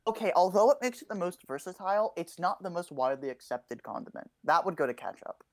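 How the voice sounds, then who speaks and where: A young woman chatting casually as co-host, quick with asides and laughing often. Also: lowish voice, expressive, a little mellow. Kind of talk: casual chat.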